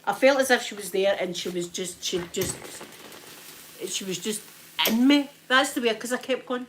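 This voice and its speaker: A slightly high voice at normal speed, with a little hiss or hum, belongs to a Scottish ASMR streamer telling her viewers a story. She's relaxed yet animated, acting out people's words and tagging lines with "right?"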